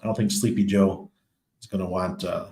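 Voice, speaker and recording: A man's voice: low voice, fairly even intonation, moderate pace, mellow, a little hiss or hum. A man hosting a casual crypto livestream, reading viewer comments and answering in a loose, chatty way with lots of ums and laughs. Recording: echoey room.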